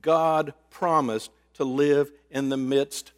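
A man preaching a sermon, swinging between loud emphasis and hushed, drawn-out words. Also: on the high side, steady tone. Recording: reverberant hall.

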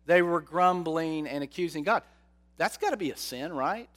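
A man preaching a sermon, slow and dramatic, often asking his listeners rhetorical questions. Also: on the high side, lively intonation, a bit bright.

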